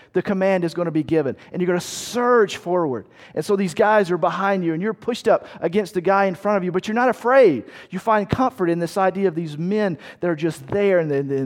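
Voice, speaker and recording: A man with a high voice preaches in a vivid storytelling manner. He speaks straight to his listeners and puts them inside a battle scene. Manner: vivid second-person storytelling, shouting quoted commands. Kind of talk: sermon illustration.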